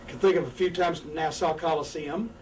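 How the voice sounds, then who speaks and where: Brief profane, animated older man, high-pitched. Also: brisk. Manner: profane, animated, acts out crowd and wrestler voices. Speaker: former pro wrestler, guest. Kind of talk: candid interview storytelling. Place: indoors, seated on a couch. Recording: distant mic with faint background noise.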